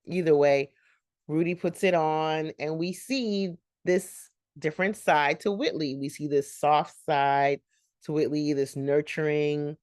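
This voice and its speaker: A woman's voice: deep voice, fairly even intonation, measured pace, darkish tone, no room sound, studio quality. A woman hosting a reaction channel, recapping a sitcom episode in a chatty, rambling way with laughing asides.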